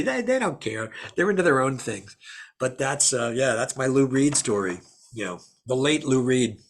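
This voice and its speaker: This man, a guest actor being interviewed, answers with lively stories and performs the voices of whoever he's quoting. He speaks at a normal speed and a medium pitch.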